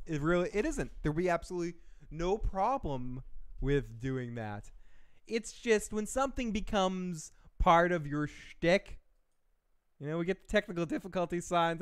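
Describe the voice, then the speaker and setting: A man's voice: on the high side, expressive, normal speed, smooth. A man hosting a live stream, rambling in casual chat with profane, chuckling asides. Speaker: show host.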